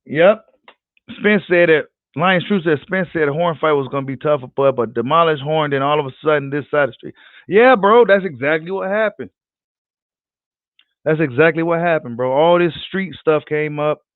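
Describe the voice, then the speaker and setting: A man hosting a casual boxing livestream, talking in an animated, slangy, profane way and repeating himself as he reads comments. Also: on the high side, moderate pace, no echo. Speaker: boxing channel host. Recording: tinny phone-like audio.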